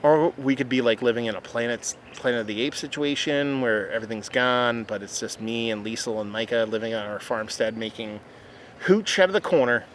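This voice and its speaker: A man's voice: medium pitch, brisk, fairly bright tone. Male beer reviewer, casual and chatty, talks to camera outdoors and often restarts himself; faint background noise. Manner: rambling, chatty, stumbles and restarts. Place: outdoors at a rural home. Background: birds and outdoor sounds.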